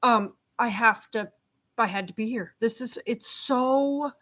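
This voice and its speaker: Middle-aged woman vlogger, a bit high-pitched, feisty and loud, fired up and talking straight to camera. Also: a little slow. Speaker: behavior consultant. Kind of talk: casual vlog talk to camera. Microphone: camera set up at home.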